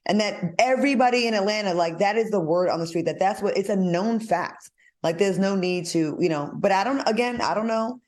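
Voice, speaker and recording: A woman's voice: medium pitch, fairly quick, a little mellow. Sassy woman hosting a talk show. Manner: sassy, blunt and playful. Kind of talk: casual talk show banter.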